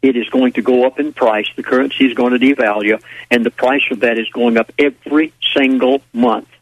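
A man hosting a talk radio show, lecturing emphatically and slowing down to stress his points. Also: mid-range voice, steady tone, no echo. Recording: dull lo-fi radio audio.

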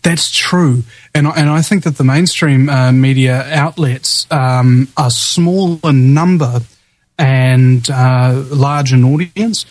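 A man's voice: mid-range voice, slow, no room sound, rough recording. Kiwi-accented male talk radio host. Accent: New Zealand. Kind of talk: live talk radio chat.

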